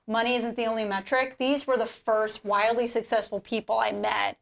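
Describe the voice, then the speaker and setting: Casual woman podcast host, slightly high voice, animated storyteller with lots of "like" fillers. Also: normal speed, gravelly. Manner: animated, heavy use of "like", swears casually. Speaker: podcast host and jewelry business founder.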